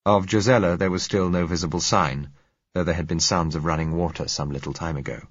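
Husky, low male narrator for an audiobook, measured, dry and slightly dull recording. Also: dry recording. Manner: measured, composed storytelling.

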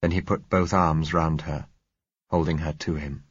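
Husky, low male narrator for an audiobook, measured, dry and slightly dull recording. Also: fairly even intonation, no room sound. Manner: measured, composed storytelling.

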